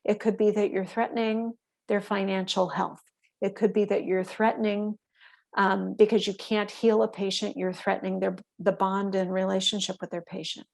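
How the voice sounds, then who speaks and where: Calm woman with a gravelly voice. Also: medium pitch. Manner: calm, explanatory, checks in with listeners. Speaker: workshop presenter for veterinary staff. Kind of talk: instructional talk.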